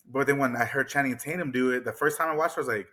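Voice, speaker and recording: A man co-hosting a casual movie discussion, talking in an excited, rambling way and swearing freely. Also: mid-range voice, very fast. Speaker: podcast co-host.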